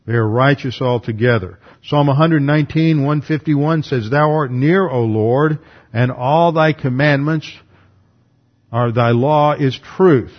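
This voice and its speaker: Male Bible teacher, methodical, reads verses then explains, mid-pitched, dull lo-fi recording. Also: unhurried. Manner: methodical, reads scripture aloud between explanations. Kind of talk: numbered Bible lesson.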